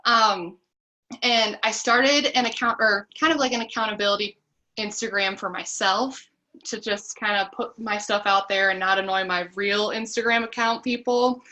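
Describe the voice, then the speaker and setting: A woman's voice: fairly high pitch, pushed and bright, low-quality recording. A woman in her twenties with a Midwestern American accent, talking casually as guest speaker on a team call, chatty and laughing often. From Midwest US (Iowa). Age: 20s. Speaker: guest speaker, new coach.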